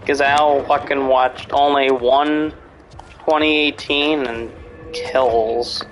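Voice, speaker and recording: A man's voice: mid-range voice, flat delivery, takes it slowly, faint music behind, poor audio. A man in casual chat, rambling and swearing a lot, with many fillers and restarts. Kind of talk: casual chat about horror movies.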